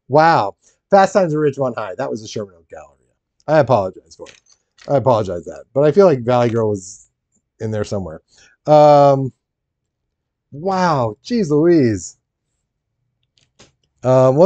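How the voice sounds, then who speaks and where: A man's voice: mid-range voice, dark tone, dry recording, lo-fi sound. A man streaming live while building a Lego set, chatting casually and rambling, laughing often and answering his chat.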